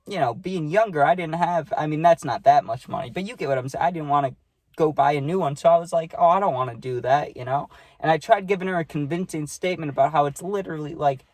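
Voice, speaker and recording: A man's voice: on the high side, darkish tone, no echo. A young man telling a casual storytime, rambling and often tagging "right?" onto his sentences. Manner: rambling, keeps adding "right?". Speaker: vlogger.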